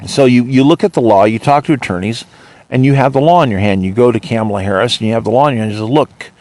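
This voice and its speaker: A man's voice: mid-range voice, fast, darkish tone, no echo. A man hosting his own podcast, ranting indignantly and retelling his arguments with officials. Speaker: podcast host. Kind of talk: monologue.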